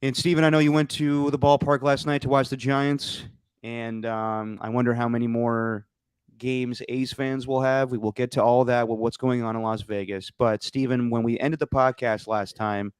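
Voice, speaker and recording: A man's voice: mid-range voice, clear, resonant tone, no room sound. A man hosting a casual sports podcast, joking and bantering with his co-host. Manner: joking, quick banter, lively asides.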